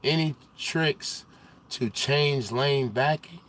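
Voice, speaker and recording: A young male trucker hosting a casual livestream, chatting with viewers in loose slang and getting loud and animated as he teases the chat. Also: medium pitch, slow pace. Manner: loose slang-heavy banter, gets loud and animated when teasing chatters.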